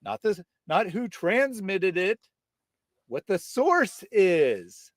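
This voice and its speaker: Male host, mid-pitched, sarcastic and combative with commenters, dry close mic. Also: sing-song, takes it slowly, no room sound. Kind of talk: live-stream debate chat, reading viewer comments.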